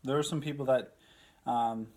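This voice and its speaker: A young man co-hosting a podcast, telling stories in a chatty, halting way with lots of fillers. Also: mid-range voice, fairly even intonation, a little mellow. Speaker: podcast co-host. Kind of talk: casual chat.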